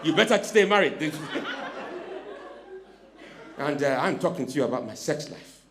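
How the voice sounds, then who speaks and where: Lively, bright-voiced man. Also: fairly high pitch, measured pace, some chatter behind. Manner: teasing, audience-baiting, swings between hushed asides and shouts. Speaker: stand-up comedian. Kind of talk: stand-up comedy set. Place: comedy club stage with live audience.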